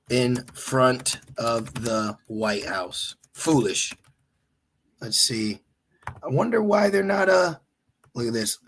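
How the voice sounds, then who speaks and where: Man, gravelly and husky, a religious teacher who gets animated and keeps checking in with his listeners. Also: mid-range voice. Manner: animated, exhorting, repeats "okay?". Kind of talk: informal teaching while searching online.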